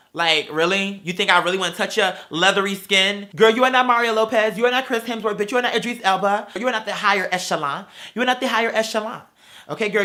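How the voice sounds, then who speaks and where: Sassy, foul-mouthed man with a bright voice. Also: high voice. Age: adult with children. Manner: sassy, brash, swears constantly, calls people girl and bitch; theatrical, mocks people in put-on voices. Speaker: vlogger. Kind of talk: profane ranting storytime.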